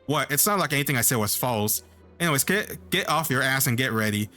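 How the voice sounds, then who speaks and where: A man's voice: medium pitch, expressive, brisk, pushed and bright, faint music behind. A man reading as a surly mercenary. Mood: scornful.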